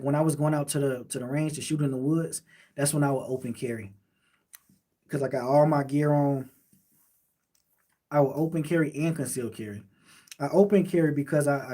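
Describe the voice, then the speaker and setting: A man's voice: medium pitch, dark tone. Laid-back man with a Miami accent. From Miami, Florida. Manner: laid-back, rambling, answers viewer comments. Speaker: livestream host reading chat. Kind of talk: casual late-night chat.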